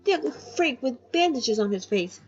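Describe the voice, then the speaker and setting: A woman voicing a coarse, loudmouthed male village thug who yells. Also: fairly high pitch, sing-song, moderate pace, slightly rough, highs cut off, soft background music, pitched above the performer's own voice. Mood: yelling. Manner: yelling, coarse.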